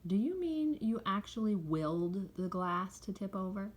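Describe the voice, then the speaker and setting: A woman voicing a kind young schoolteacher in a storybook reading, speaking in a soft, measured way. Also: medium pitch, big pitch swings, close to an everyday voice. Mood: puzzled. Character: gentle young female schoolteacher, kind and patient.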